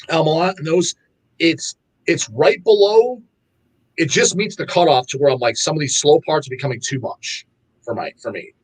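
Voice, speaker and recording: A man guesting on a podcast from a record label, chatting casually in an animated, profane way and acting out his own reactions. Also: fairly high pitch. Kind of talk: casual chat.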